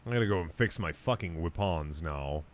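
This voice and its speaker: A young man with a lowish voice that swings all over the place, bantering crudely with his chat as he plays. His remarks shift between offhand mutters and loud, mocking bursts. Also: expressive, normal speed, slight background noise. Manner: muttered asides while playing. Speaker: game streamer. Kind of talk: casual gaming stream commentary.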